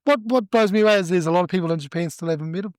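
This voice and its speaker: A middle-aged man with a New Zealand accent, a judo coach telling stories in a casual interview, animated and laughing as he acts out what people said. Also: high-pitched, racing, smooth, no echo, studio quality.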